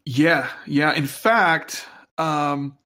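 Dude cohosting a podcast, kinda high voice, lots of ums and likes. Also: male voice, drawn-out words, bright, forceful tone. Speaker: podcast co-host. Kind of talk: casual chat.

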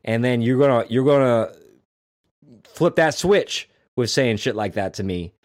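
Male film-chat co-host, animated, growls quoted lines. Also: a little slow. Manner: acts out movie lines in low growls, animated. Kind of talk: casual film discussion.

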